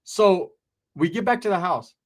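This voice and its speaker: A male comedian telling a profane story, rapid and animated, tagging lines with "right?". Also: sits high.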